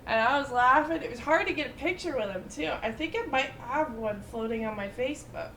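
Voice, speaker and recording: A woman in her twenties chatting casually, telling lively stories full of fillers and quoted voices. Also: high voice, fairly quick, roomy sound, a little hiss or hum. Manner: animated storytelling with many fillers and quoted voices. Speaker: storyteller in casual chat. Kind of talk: casual chat.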